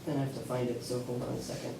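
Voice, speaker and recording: In a bass voice that is creaky and flat, a woman races through a chatty singing workshop, heavy with fillers and restarts. The setting is an echoey classroom at an early music event, recorded from far away and very noisy.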